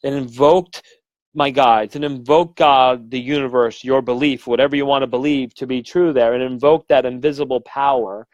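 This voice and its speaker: A man speaks on a live stream in a middle-pitched voice, dry and close to the mic. He rambles earnestly, restarting sentences and dropping the odd swear word. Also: steady tone, normal speed, dry recording, low-quality recording. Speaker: medium giving a live talk. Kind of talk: casual livestream talk. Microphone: phone or webcam livestream.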